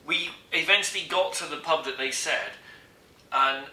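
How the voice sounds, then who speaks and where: A man's voice: a little high, normal speed, sharp tone, echoey room, recorded from a distance. A young man, an easygoing co-host of a casual vlog who keeps correcting the story. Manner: easygoing, laughs often, interrupts to correct.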